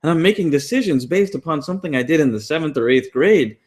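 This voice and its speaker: A man's voice: a little high, expressive, fast talker. A man co-hosting an online class, talking casually with many fillers and restarts. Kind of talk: casual teaching talk. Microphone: online class call.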